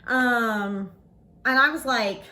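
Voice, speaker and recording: A woman in her forties speaks straight to camera in a casual vlog, retelling what happened to her. Her voice sits a little high, and her delivery is blunt and animated, with plenty of swearing. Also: takes it slowly. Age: 40s. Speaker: vlogger.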